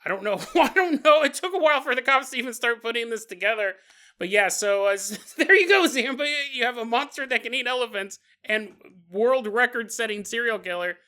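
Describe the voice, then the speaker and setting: Podcast host, male, bright tone, crude jokey storyteller who laughs a lot. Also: very high-pitched, brisk, smooth. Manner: crude humor. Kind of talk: comedic storytelling monologue.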